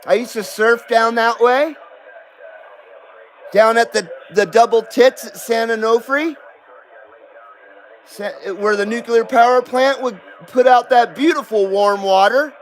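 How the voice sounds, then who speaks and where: A man's voice: very high-pitched, slow pace, long pauses, poor audio. A man from the West Coast of the United States hosting a casual live stream, rambling and self-deprecating, often laughing and reading viewer comments aloud.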